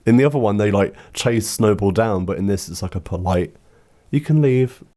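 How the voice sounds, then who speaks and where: Mellow-voiced man with wry commentary. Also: on the low side, a little fast. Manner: wry, sarcastic asides. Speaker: film critic and video essayist. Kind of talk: commentary video essay.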